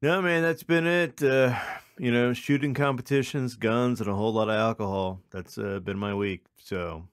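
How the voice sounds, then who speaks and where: A man's voice: mid-range voice, steady tone, moderate pace, hardly any pauses, no echo, studio quality. A man co-hosting a podcast, talking casually and rambling with many fillers. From Kansas. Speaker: podcast co-host. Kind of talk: casual chat.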